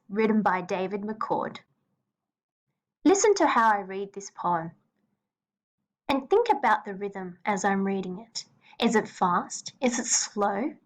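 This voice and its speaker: A woman teacher giving a recorded poetry lesson, explaining clearly and reading poems aloud in changing rhythms. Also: medium pitch.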